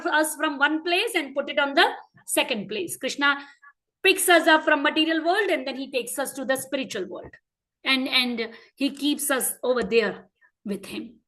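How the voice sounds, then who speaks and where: Leading a children's class, a woman with an Indian English accent speaks in a bright, high voice, constantly questioning the kids in an interactive lesson. Her examples come as animated, lively stories, captured on a low-quality recording.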